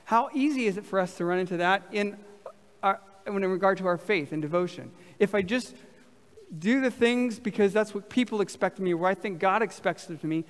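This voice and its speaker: A man preaching a sermon to a congregation, lively and talking with the crowd. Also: sits high. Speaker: pastor. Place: large church hall. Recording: reverberant church hall.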